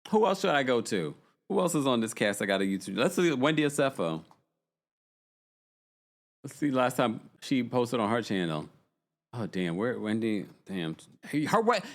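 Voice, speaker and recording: Lively, gossipy man hosting a recap stream. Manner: animated, gossipy, yawning and laughing, swings between high exclamations and low asides. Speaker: host of a live reality-TV recap stream. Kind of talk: casual live-stream recap reading chat comments.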